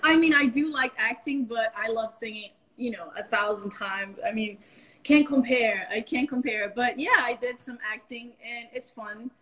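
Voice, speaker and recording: Brazilian lady singer chatting on a phone video call, kinda high voice, lots of "like" and "you know". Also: moderate pace, hardly any pauses, pushed and bright, a little hiss or hum, poor audio. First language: Portuguese. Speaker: singer, interview guest. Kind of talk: casual chat on an Instagram live video call. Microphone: phone on a live video call.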